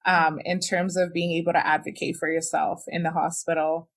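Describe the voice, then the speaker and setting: A young woman talks at normal speed with a flat delivery and a lowish voice. On a podcast, she tells a personal story openly and with emotion, using many "like"s and "you know"s.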